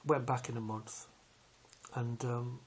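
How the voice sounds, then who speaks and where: A man tells a personal story in a loose, wandering way, stopping often to fill gaps. His voice sounds husky and a little breathy. It sits at an ordinary middle pitch. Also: level tone. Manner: rambling, halting, many fillers. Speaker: vlogger recounting a police arrest. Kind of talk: casual storytelling.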